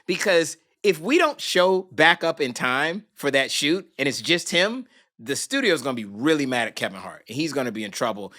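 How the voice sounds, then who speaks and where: A man, a guest on a podcast, telling a story with drama and acting out the people in it. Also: medium pitch. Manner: lively, dramatic, acts out the people in his story. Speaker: podcast guest, film producer. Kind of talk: animated storytelling.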